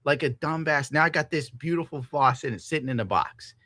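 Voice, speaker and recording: A young man from the United States, hosting a livestream and reading donations in a casual, profane, animated rant, laughing often. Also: fairly high pitch, fairly quick, dry recording.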